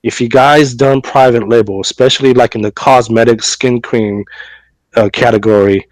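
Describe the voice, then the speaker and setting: A man co-hosting a podcast, recovering from a cough and fever, speaks at a moderate pace in a steady, mid-range voice. His long, casual story is full of fillers, repeated words and restarts, and he voices both sides of a conversation. The audio is poor, with no room sound.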